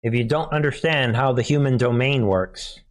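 A middle-aged man hosts his own political commentary show, speaking casually and straight to his viewers. His delivery is animated, with frequent chuckles and repeated calls to "folks". His voice sits at an ordinary pitch for a man. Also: normal speed. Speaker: political commentary channel host.

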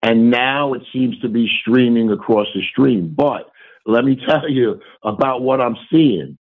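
A man calling in to a live stream, talking excitably and swearing freely. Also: medium pitch, a little slow. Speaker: caller. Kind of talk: casual phone-in chat. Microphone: phone. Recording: tinny phone line.

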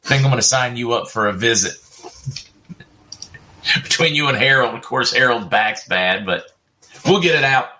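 A middle-aged man hosts a casual livestream, chatting, reading viewer comments aloud, and laughing a lot. His mid-range voice has lively intonation and a bright, forceful tone, moving at normal speed with frequent pauses.

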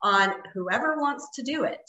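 A woman's voice: a little high, expressive, measured pace, bright, forceful tone, reverberant, low-quality recording. A woman guest telling a story in casual conversation, rambling with lots of fillers. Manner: rambling, many fillers like "like" and "you know". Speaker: interview guest.

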